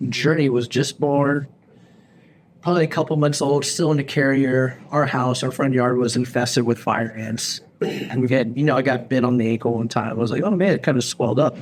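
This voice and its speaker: Animated man telling a story. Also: medium pitch, normal speed. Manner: animated storyteller, acts out his own quoted lines. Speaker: podcast host. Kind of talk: casual storytelling chat. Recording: faint background noise.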